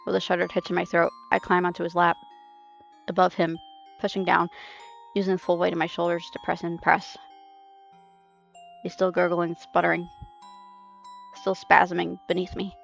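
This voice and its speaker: Gravelly low woman reading a dark story. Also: monotone, soft background music. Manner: intense, halting, emotional reading with restarts. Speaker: reader. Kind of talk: first-person story narration. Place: home streaming setup. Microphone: streaming mic.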